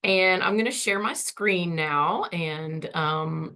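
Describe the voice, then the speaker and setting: A woman's voice: on the low side, slow, sharp tone. A woman in her forties, losing her voice, giving a friendly, chatty conference presentation over a video call. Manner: friendly, chatty, many ums.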